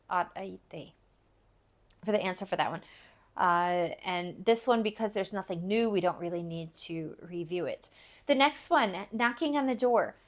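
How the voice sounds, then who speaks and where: A woman teaching a language lesson, repeating foreign phrases slowly and carefully for learners. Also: medium pitch.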